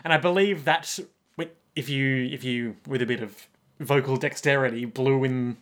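A man co-hosting a casual podcast chat about an anime, with a dry, wry deadpan delivery. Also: mid-range voice, normal speed. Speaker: podcast co-host.

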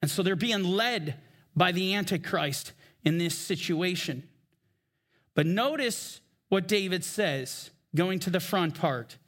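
A man preaching a sermon from the pulpit, emphatic, slowing down for scripture readings. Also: high-pitched, animated, fairly bright tone. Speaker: pastor. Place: church.

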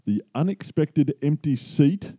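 A man's voice: fairly high pitch, expressive, measured pace, mellow, husky, no room sound, studio quality. A man co-hosting a podcast, chatting casually and joking, laughing at his own stories. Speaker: podcast co-host. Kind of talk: casual chat.

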